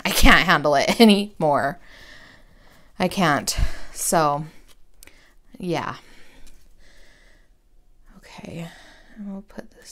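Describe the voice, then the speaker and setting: Woman, 30s, lowish voice, rambling self-deprecating craft vlogger talking at her desk. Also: clean tone. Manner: chatty, rambling and self-deprecating, with slangy asides. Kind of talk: casual craft tutorial chat.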